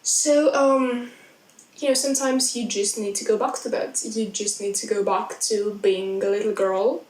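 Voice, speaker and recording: A young woman chatting excitedly in a rambling film review vlog. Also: mid-range voice, measured pace. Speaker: vlogger. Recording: echoey sound, mic at a distance.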